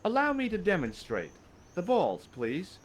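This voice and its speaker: A man's voice: high-pitched, wildly swooping pitch, unhurried, a little hiss or hum, full character voice. An actor playing a wry male adventurer who narrates his own exploits with dry sarcasm.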